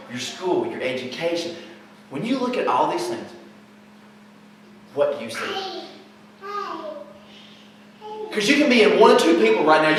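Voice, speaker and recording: A man's voice: fairly high pitch, fairly bright tone, slight background noise. A man preaching a sermon, emphatic and fond of repeating rhetorical questions. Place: church sanctuary. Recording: very echoey hall, mic far off.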